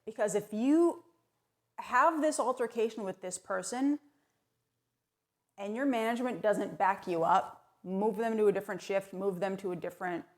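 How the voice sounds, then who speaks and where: A woman delivering tongue-in-cheek advice in a brisk, sardonic, mock-serious monologue. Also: medium pitch. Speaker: comedic advice vlogger.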